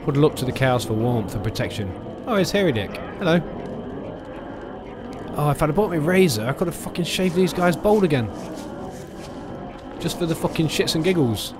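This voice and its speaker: Excitable sweary gamer, lively pitch. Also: male voice, normal speed, pauses often, noisy background. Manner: excitable, swearing, yelps and shouts at the game. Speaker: let's play gamer. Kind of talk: gameplay commentary.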